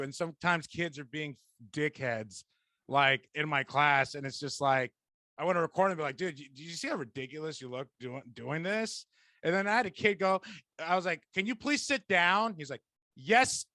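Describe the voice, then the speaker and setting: A young man hosting a podcast in casual chat, animated and laughing often, telling stories with quoted voices. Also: a little high, normal speed, no echo. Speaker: podcast host.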